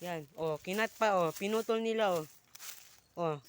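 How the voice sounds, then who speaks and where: A young man in his teens with a Filipino accent, a Tagalog speaker vlogging outdoors in a park on a phone for a school project, halting and apologetic as he searches for English words and slips into Tagalog. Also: high voice, slight background noise. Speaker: student vlogger. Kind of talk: casual walking vlog, mixing English and Tagalog. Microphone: phone held while walking.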